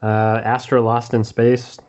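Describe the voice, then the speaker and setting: A man joining a casual podcast chat as a guest, giving relaxed, upbeat summaries. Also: medium pitch, slow, muffled recording.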